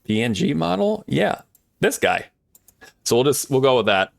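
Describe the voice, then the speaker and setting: Upbeat guy streamer rambling to chat, mid-pitch voice, dry close mic, lots of likes and ums. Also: big pitch swings, normal speed, vocal fry, dry recording. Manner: chatty, upbeat, lots of fillers and asides. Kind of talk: casual live-stream chat with viewers.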